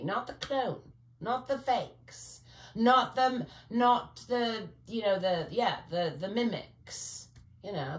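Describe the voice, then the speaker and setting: A woman vlogger with a mid-range voice talks to camera in an echoey room. Her monologue rambles and digresses, and she often searches for words and fills gaps with "you know," in a conspiratorial manner full of asides.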